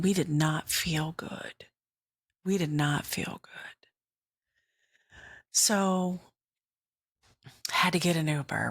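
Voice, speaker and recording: An earnest woman hosting a faith podcast, speaking slowly in a lowish voice and slipping into hushed whispers for emphasis. The recording is dry and close, with no room sound. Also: no echo. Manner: earnest, slow, drops into whispers. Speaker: podcast host. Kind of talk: personal faith storytelling.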